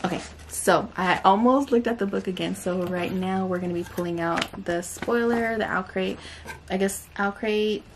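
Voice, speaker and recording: A woman chats through an unboxing video. She is excitable and gushing, and she scatters fillers through her talk. Her voice has a gravelly, fry-laden texture, with a faint hiss of noise underneath. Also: mid-range voice, normal speed. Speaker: booktube host. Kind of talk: casual unboxing vlog.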